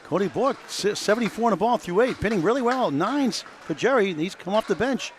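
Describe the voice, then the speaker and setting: A man calling bowling play by play, brisk, reeling off scores and pin counts. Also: high-pitched, lively intonation, a little hiss or hum. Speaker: commentator. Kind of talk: live play-by-play commentary.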